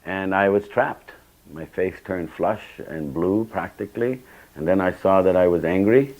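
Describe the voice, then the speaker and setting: A man's voice: low-pitched, normal speed, phone-quality sound. An older man giving a temple scripture class, telling personal stories and acting out the dialogue with sudden bursts of emphasis. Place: temple hall.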